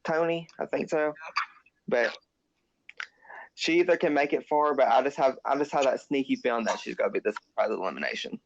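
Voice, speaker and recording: A man's voice: mid-range voice, fairly quick, creaky, no room sound, lo-fi sound. A man joining a casual video chat as a guest, easygoing, sharing hunches and opinions. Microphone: video call.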